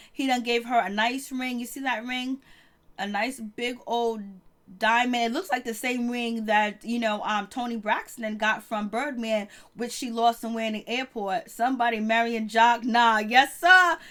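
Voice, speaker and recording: A woman with a fairly high voice recaps reality TV gossip in a loose, chatty way. She laughs often and trails off mid-thought before picking the thread back up. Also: little pitch movement, moderate pace, fairly bright tone.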